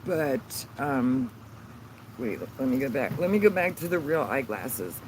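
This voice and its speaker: A man hosting a casual livestream outdoors on his phone, rambling and halting as he fumbles with the settings. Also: mid-range voice, sing-song. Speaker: channel host on sobriety. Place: outdoors in a sunny yard. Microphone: phone held by the speaker. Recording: outdoor phone stream with road noise.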